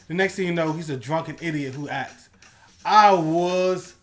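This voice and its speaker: A man co-hosting a casual comic book debate show, ranting excitably and laughing often. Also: fairly high pitch, moderate pace, faint music behind. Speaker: podcast co-host.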